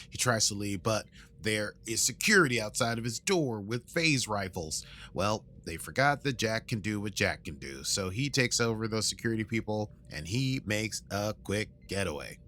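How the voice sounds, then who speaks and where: A man's voice: fairly low pitch, very animated, moderate pace, pushed and bright, a little hiss or hum. A man hosting a podcast, casually recapping an episode and breaking into sung lines and silly voices. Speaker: podcast host.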